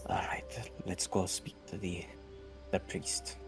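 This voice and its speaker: A man voicing a hushed, urgent nobleman. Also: on the low side, a little slow, soft background music. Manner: hushed, pleading whisper. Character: nervous young nobleman Ismark, grave and urgent.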